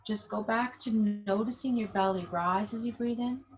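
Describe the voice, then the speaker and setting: A woman yoga instructor leading a class over a webcam, giving calm, slow guided instructions. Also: mid-range voice, slight background noise, low-quality recording.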